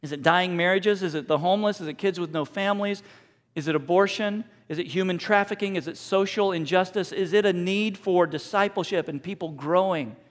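A pastor in his forties with a fairly high voice preaches a sermon in a church sanctuary, speaking a little fast. His delivery is conversational and animated, and he catches and corrects himself as he goes. A long hall reverb rings behind his voice.

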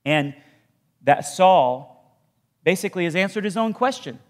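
Guy preaching a sermon, kinda high voice, chatty storytelling, long echo in a big hall. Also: expressive, unhurried. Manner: conversational storytelling with asides, dropping low for emphasis. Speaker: pastor.

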